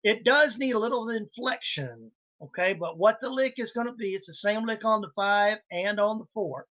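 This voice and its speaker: A man's voice: high-pitched, normal speed, bright, forceful tone. Male harmonica teacher on a lo-fi call. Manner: casual, explains step by step and counts in the band. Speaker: harmonica instructor. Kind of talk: live online music lesson. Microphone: video call.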